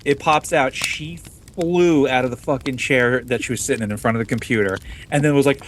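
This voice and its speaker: Relaxed middle-pitched man in his forties. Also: fairly quick, hardly any pauses, a little hiss or hum. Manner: relaxed, laughing storyteller with frequent "yep" backchannel. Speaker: podcast host. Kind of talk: casual chat.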